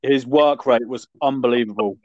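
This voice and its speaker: A man's voice: mid-range voice, normal speed, darkish tone, dry recording. A man co-hosting a casual sports chat, blunt and bantering, swearing casually. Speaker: podcast co-host. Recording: dull lo-fi dry recording.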